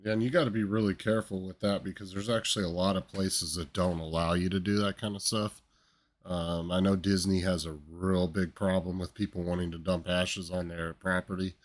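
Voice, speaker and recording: Deep-voiced man hosting a reaction video. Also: flat delivery, moderate pace, slight background noise. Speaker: host.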